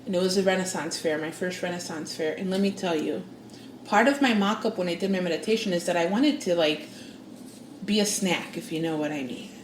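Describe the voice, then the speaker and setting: An animated woman, a guest psychic and spiritual coach, tells a story at a brisk pace, acting out quoted voices with big pitch jumps. The sound is roomy, with slight background noise.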